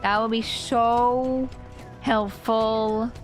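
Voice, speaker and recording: A woman's voice: a little high, flat delivery, very slow, soft background music. A woman streamer chatting casually while she plays a game, rambling and laughing often.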